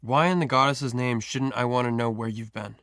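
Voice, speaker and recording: A man voices a domineering wolf-pack alpha in an audio drama, all stern command and low growl. The tone is bright and pressing, and the sound is close and dry. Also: normal speed, no room sound, natural voice.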